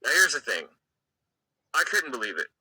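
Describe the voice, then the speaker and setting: A man's voice: mid-range voice, big pitch swings, moderate pace, pushed and bright, husky, dry recording, rough recording. A man giving a personal faith testimony in an earnest, emotional, conversational way, with many fillers.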